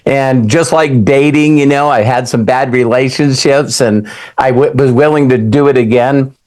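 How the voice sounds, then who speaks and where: A man's voice: medium pitch, steady tone, moderate pace, a little mellow. A man in his sixties, talking in a rambling, effusive way and giving an enthusiastic testimonial. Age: 60s. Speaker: testimonial speaker.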